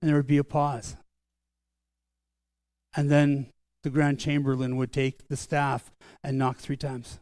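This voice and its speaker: An older man preaching a sermon as pastor, earnest and conversational, slowing down for solemn lines. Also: medium pitch, little pitch movement, darkish tone, no echo, studio quality. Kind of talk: sermon storytelling. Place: church sanctuary.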